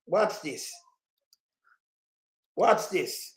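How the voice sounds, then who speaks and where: Jamaican male commentator, high voice, animated and rambling, roomy echo. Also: drawn-out words. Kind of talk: casual commentary in patois.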